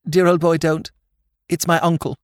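Male narrator as a drawling, self-pitying young peer, high and plaintive, dry close sound. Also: little pitch movement, normal speed, clear, resonant tone, no room sound, natural voice. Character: hapless, mopey young English lord.

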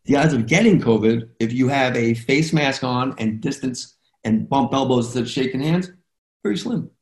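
A man's voice: mid-range voice, moderate pace. Passionate man hosting, echoey room. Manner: passionate, rambling, emotional. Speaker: podcast host. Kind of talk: interview conversation. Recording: roomy echo.

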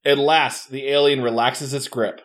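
A man's voice: mid-range voice, normal speed. A man reading a gamebook aloud to friends and narrating their game. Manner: animated, laughing asides.

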